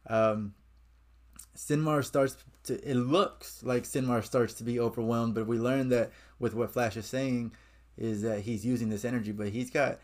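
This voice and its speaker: A man's voice: mid-range voice, a little mellow. Chatty man reviewing a comic. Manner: chatty, opinionated, recapping plot.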